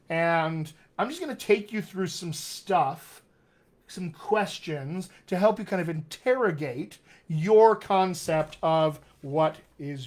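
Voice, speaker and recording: A man as a dialect coach on a live-streamed Q&A, reading out viewer comments and encouraging them with emphatic repetition. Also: a little high. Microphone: webcam or computer mic.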